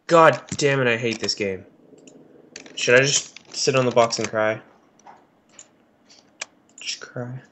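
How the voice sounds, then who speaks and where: A young man commentating his own gameplay, excitable and swearing, often yelling at other players. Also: medium pitch, normal speed, background noise. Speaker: gaming YouTuber. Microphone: headphones on, desk mic.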